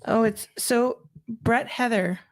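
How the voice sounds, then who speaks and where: A woman hosts a casual livestream at an unhurried, easygoing pace. She greets viewers by name and chats loosely as the comments roll in. Her voice sits a bit high for a woman. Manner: chatty, greeting viewers by name, laughs often. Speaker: livestream host.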